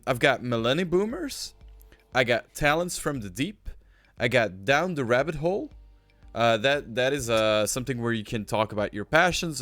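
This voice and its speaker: A man's voice: mid-range voice, a bit bright, no echo. A man from Belgium hosting a podcast in casual chat, playful and jokey, with many restarts. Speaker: podcast host.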